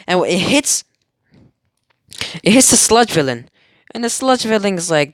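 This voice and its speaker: A man's voice: high-pitched, big pitch swings, unhurried, a bit bright, no room sound. Young guy rambling through a fan story, giggly, keeps correcting himself, dry close sound. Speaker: amateur storyteller. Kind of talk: casual fan story retelling.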